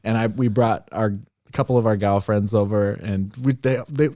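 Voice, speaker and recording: A man's voice: lowish voice, moderate pace, dry recording. Guy cohosting a podcast, tells stories with lots of acted-out quotes, dry close mic. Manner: animated storytelling, acts out quotes. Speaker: podcast co-host. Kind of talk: casual chat.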